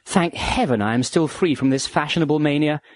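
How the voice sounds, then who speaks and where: A woman's voice: low voice, a little fast, no room sound. A woman reading the part of an exasperated, earnest economist in an audiobook dialogue. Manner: earnest, emphatic exclamations.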